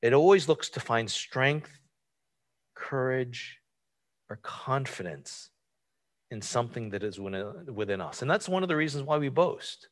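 A man's voice: mid-range voice, animated, a little slow. A man preaching a conversational sermon, informal and explanatory, often asking rhetorical questions. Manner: informal, asks rhetorical questions, frequent fillers.

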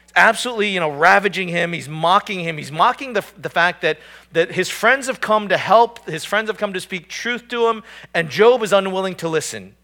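Bright-voiced man preaching a sermon. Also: high voice, a little fast. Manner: conversational, emphatic preaching with frequent restarts. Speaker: pastor.

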